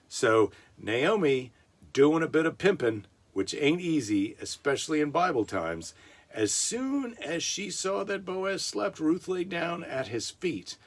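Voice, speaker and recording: A man's voice: a little high, very animated, unhurried. A man hosting a casual comic monologue, retelling a story with rambling wisecracking asides. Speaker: comedian host.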